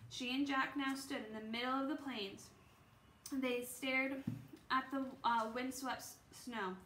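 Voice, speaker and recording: A woman's voice: high voice, fairly even intonation, measured pace, fairly bright tone. Woman reading a children's book aloud. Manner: unrehearsed reading with small stumbles and restarts. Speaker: reader. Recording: echoey room, faint background noise.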